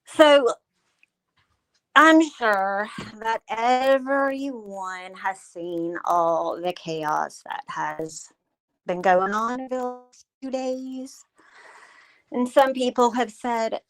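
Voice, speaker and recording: A woman's voice: on the high side, fairly even intonation, drawn-out words, a bit bright, rough recording. A woman hosting a commentary livestream, speaking with sarcastic, mocking scorn aimed directly at a rival. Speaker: livestream host. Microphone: streaming mic.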